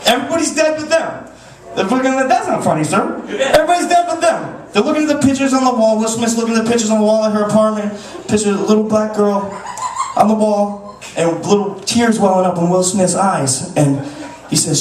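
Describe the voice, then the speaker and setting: Stand-up comic guy, kinda high-pitched, crude rambling jokes, roomy club sound from far off. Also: fairly quick, a little mellow. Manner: crude, rambling delivery with restarts. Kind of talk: stand-up set. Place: comedy club stage. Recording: echoey club recorded from afar.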